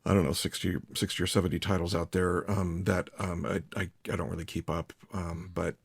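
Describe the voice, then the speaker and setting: Male host, very low voice, quick rambling delivery, dry sound. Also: level tone, vocal fry, breathy edge, dry recording. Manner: chatty, rambling, many restarts and fillers. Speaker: audiobook narrator, podcast host. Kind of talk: casual conversation.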